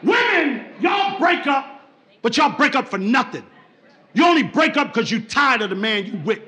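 A male stand-up comedian on a club stage, loud and swearing, acting out both sides of arguments. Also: extremely high pitch, big pitch swings, normal speed. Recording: live club recording with crowd noise.

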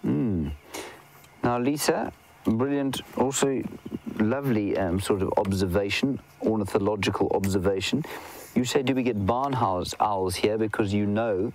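A man's voice: fairly low pitch, normal speed, slight background noise, poor audio. A man working as a safari guide, giving chatty, enthusiastic live wildlife commentary outdoors and answering viewer questions. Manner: chatty, enthusiastic, drops to a whisper at times. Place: outdoors in the bush.

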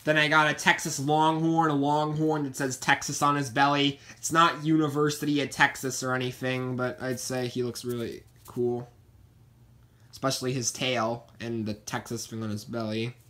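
A man with a bright, forward voice talks loosely through his stuffed toy collection. He rambles and circles back to the same points. The delivery is an unscripted show-and-tell vlog. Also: medium pitch, little pitch movement, normal speed. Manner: chatty, meandering, repeats himself. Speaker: vlogger showing his plush collection.

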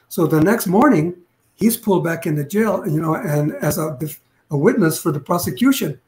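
A man's voice: fairly high pitch, expressive, moderate pace, a little mellow. An older man, a retired police detective, telling a long story in a casual interview, rambling with restarts and acting out what others said. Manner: rambling, restarts, acts out quotes.

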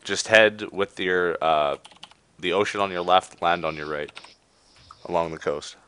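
A man's voice: low voice, fairly even intonation, a little slow, bright, forceful tone, slight background noise. A man streaming a survival game, chatting casually with friends, laid-back and swearing and laughing often. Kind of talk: casual gaming chat.

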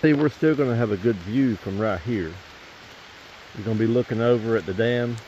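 A man's voice: lowish voice, moderate pace, a little mellow, slight background noise. Folksy man vlogging outdoors. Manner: folksy, rambling, talks to viewers as "y'all". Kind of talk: casual outdoor vlog narration. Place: outdoors by a pond and garden. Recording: dull lo-fi outdoor camera audio.

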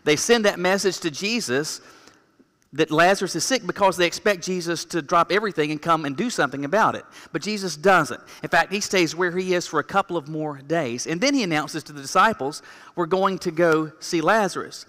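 A man's voice: a little high, fairly quick, bright, forceful tone. A man preaching a sermon as pastor, explaining scripture in a conversational way with everyday examples. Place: church sanctuary. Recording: long church reverb.

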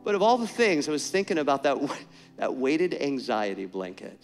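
A man preaching a sermon with passion, moving between strong declarations and hushed, soft passages. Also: fairly high pitch, sing-song, moderate pace, long reverb tail, soft background music. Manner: impassioned, swings to soft and hushed. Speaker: pastor.

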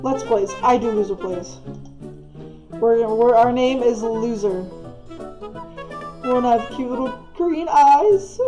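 A woman's voice: on the high side, slow pace, long pauses, dark tone, soft background music, rough recording. A woman giving casual, gushing gameplay commentary as a let's play gamer. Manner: gushing, easily delighted.

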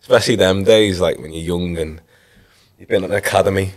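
A man's voice: low voice, fast talker. A man in his thirties with a Liverpool accent, a former footballer telling stories in a casual podcast interview. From Liverpool, England. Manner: relaxed storytelling, frequent "like" and "you know".

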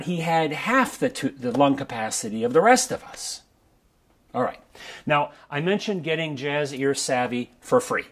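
A man teaching a breath-control exercise for brass players in a relaxed, conversational way, often checking in with the listener. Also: fairly high pitch. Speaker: trombone coach. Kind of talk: instructional video talk. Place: his studio.

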